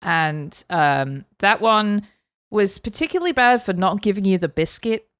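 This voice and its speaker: A woman's voice: medium pitch, expressive, measured pace, a bit bright, clear, resonant tone, dry recording. A woman co-hosting a podcast, chatting casually with dry, self-deprecating humor. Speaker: podcast co-host. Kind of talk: casual chat.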